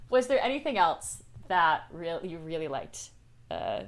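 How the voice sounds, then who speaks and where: A woman co-hosting a podcast, chatting casually as a fan, animated and laughing often as she acts out reactions. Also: fairly low pitch. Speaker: podcast co-host.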